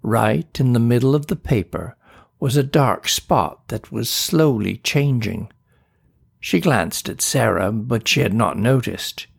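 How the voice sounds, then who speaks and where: Slow gravelly storybook narrator, a man. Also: medium pitch. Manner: slow, steady reading. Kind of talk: storybook reading.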